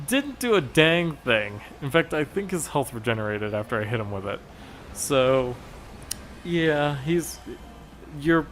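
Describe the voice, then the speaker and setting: A man's voice: mid-range voice, a bit bright, a little hiss or hum. A man commentating over gameplay footage, explaining a raid strategy in a chatty, rambling way and laughing at his own slip-ups.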